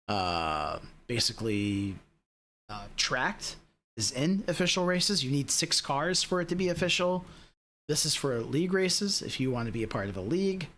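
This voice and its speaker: A fairly high-voiced man runs a live sim racing stream. He chats loosely and rambles with his audience, padding his talk with fillers. His tone stays easygoing and offhand. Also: a bit bright. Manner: rambling, talks straight to chat with lots of fillers. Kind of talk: casual live-stream chat.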